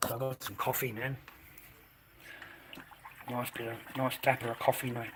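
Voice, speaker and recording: A man's voice: mid-range voice, level tone, normal speed, background noise. A middle-aged man ranting crudely on a livestream, swearing constantly and taunting viewers. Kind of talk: profane livestream rant.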